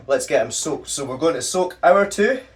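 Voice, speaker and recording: A man's voice: fairly high pitch, expressive, normal speed, recorded from a distance. A man who keeps reptiles, hosting a casual vlog and chatting to the camera while he handles and coos over large pythons. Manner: chatty, coos affectionately at the snakes. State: slightly out of breath. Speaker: reptile keeper and channel host.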